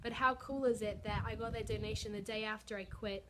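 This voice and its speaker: Speaking a little fast in a medium-pitched, steady voice over background noise, a young vlogger recounts her personal faith story. Her casual testimony is bubbly and packed with filler words.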